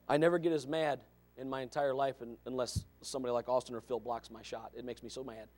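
A male pastor preaching a fiery sermon, swinging from shouts to low asides. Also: fairly even intonation, normal speed, long pauses.

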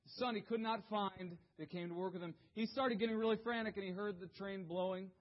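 A man preaching a sermon, telling a story dramatically, dropping to hushed low tones and then rising to shouts. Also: steady tone, brisk. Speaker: pastor. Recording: dull lo-fi recording.

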